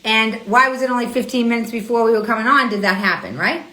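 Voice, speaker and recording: Host type: bright, rather high woman, riled up, defending herself to viewers in an echoey room. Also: fast. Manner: indignant, argumentative, repeats herself. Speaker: host of a weekly live show. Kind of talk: Instagram live stream, reading and answering comments.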